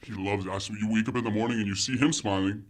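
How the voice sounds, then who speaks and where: A man's voice: fairly low pitch, steady tone, very fast. A young man, talking loosely as a podcast guest, full of fillers and swearing. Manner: loose, profane, heavy on fillers. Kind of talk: casual chat.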